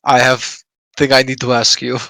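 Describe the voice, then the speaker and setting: A man's voice: mid-range voice, little pitch movement, normal speed, vocal fry, bright, forceful tone, no echo. A man voicing an odd male warrior who speaks blunt, broken sentences without articles. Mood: earnest. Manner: drops articles, earnest, blunt.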